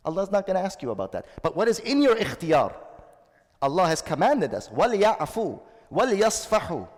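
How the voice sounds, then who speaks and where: A man's voice: a little high, wildly swooping pitch, a little fast, big-room sound. A man delivering a sermon as a shaykh, earnest and repeating his key phrases, with stretches of Arabic recitation. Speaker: shaykh giving a Ramadan talk.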